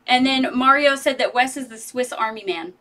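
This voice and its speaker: A woman's voice: sits high, normal speed, a bit bright. A young woman chatting casually on a live stream from home, giggly and rambling. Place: home room. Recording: distant mic with clear background noise.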